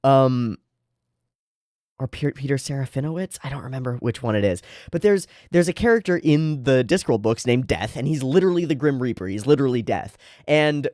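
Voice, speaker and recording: A man's voice: medium pitch, lively intonation, brisk, a little mellow, no echo, studio quality. A man hosting a channel, reading a manga aloud with chatty, casual commentary and casual swearing. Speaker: manga reader and channel host.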